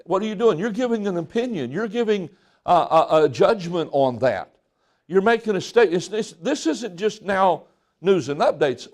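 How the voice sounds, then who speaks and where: A man's voice: high-pitched, a little mellow. Man preaching in a folksy storytelling way. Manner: folksy storytelling with self-restarts. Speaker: pastor. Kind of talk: sermon.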